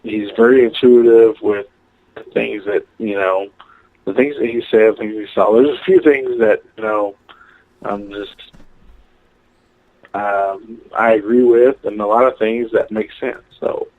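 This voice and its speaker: Low-voiced male caller on a tinny phone line. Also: fairly even intonation, measured pace. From Oklahoma. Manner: rambling, with many fillers. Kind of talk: casual call-in chat.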